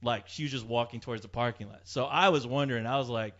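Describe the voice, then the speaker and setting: A man's voice: mid-range voice, fast talker. A man telling a story in casual chat, swearing a lot, acting out the people in it and laughing often. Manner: profane, animated, laughs often. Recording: dull lo-fi sound.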